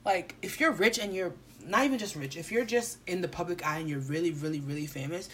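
A young woman rants sarcastically through a casual chat, piling on slang and mock disbelief. Her voice sits a little low. A faint hum of room ambience stays behind her. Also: brisk, fairly bright tone.

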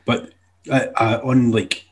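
A man's voice: mid-range voice, level tone, slow, darkish tone. A young man, chatting casually and swearing now and then on a podcast. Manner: laid-back, swears casually. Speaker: podcast co-host. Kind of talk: casual chat.

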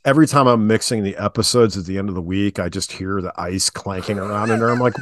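A man's voice: fairly low pitch, fast. A middle-aged man from Ohio, co-hosting a podcast in casual chat, with wry, self-mocking humor. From Ohio, USA. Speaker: podcast co-host.

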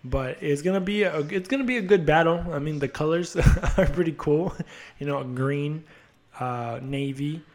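Rambling through a casual soccer conversation, a young podcast host jokes, swears and teases himself. His voice runs on the high side and he speaks at normal speed.

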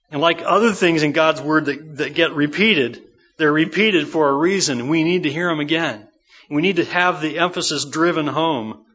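A man's voice: a little high, sharp tone, husky. A middle-aged male pastor preaching a sermon in a conversational way, often asking the congregation rhetorical questions. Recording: dull lo-fi sermon recording.

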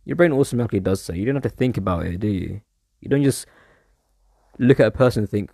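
Gravelly, rambling man talking casually. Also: on the low side, fast talker, dark tone, no room sound, studio quality. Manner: rambling, digressive, casually swearing. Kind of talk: casual solo monologue.

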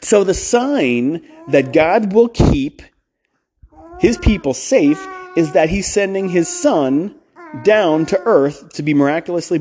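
A man's voice: a little high, a little mellow. A man hosting a podcast, talking in a casual preaching style, blunt and emphatic, with restarts and side remarks. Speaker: podcast host.

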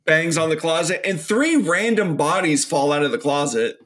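Male podcast co-host, fairly high voice, lively pitch, casual movie recap. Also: normal speed. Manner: animated, jumps into voices while retelling scenes. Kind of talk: casual film review chat.

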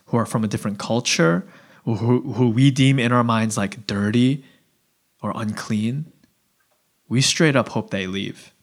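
A male pastor preaching a sermon in a relaxed, conversational way, acting out little voices and asides. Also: mid-range voice. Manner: conversational, animated, acts out voices.

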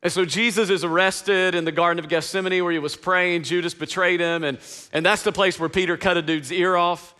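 A man's voice: sits high, fairly even intonation, brisk, pushed and bright, smooth. A male pastor preaching a sermon in a casual, slangy, conversational way with frequent asides to the congregation.

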